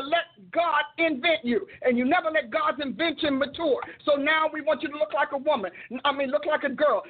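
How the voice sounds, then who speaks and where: An older woman, a minister and host, giving a sermon-like talk in an emphatic, repetitive preaching cadence over a tinny, phone-like recording. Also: high voice.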